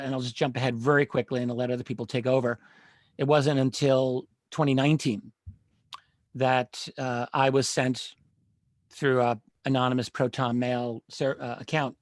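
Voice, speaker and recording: A middle-aged man, a panel guest, telling a long story in a measured, earnest way and often pausing with uh and um. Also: mid-range voice, no room sound, studio quality. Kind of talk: live panel discussion, recounting a story.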